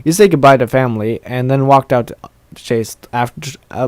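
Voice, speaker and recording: A young man reads a text adventure aloud, tripping over words and poking fun at his own slip-ups. His voice sits at an ordinary male pitch, and the close mic gives a dry, deadened sound. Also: normal speed, dry recording. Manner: stumbling, self-deprecating. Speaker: let's play host. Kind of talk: reading aloud a text game.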